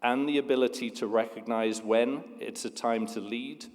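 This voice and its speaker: A man giving a measured, earnest speech at a school ceremony, telling a story to the students in a school hall. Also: medium pitch, steady tone. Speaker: school leader giving an address. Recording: long hall reverb.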